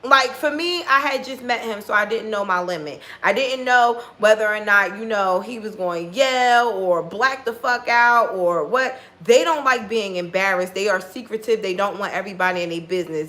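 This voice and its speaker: Animated, bright-voiced woman telling a story. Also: mid-range voice, normal speed, few pauses. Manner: blunt, profane, animated retelling with quoted dialogue. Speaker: tarot reader telling a dating story. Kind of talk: casual storytime vlog.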